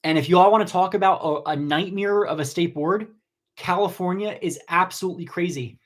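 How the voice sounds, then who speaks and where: Reading viewer comments on a casual cosmetology live stream, this New Jersey host and educator talks in a brisk, chatty, rambling way. His pitch jumps up suddenly whenever he gets excited.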